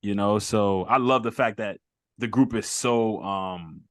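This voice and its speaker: A man hosting a casual podcast chat, animated and often restarting his sentences. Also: lowish voice, unhurried, dry recording, studio quality. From United States. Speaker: podcast host.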